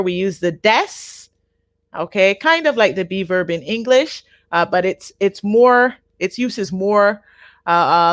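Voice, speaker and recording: A woman teaching a live online Japanese class, patient and repeating each word slowly for her learners. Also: mid-range voice, fairly bright tone, no echo, studio quality.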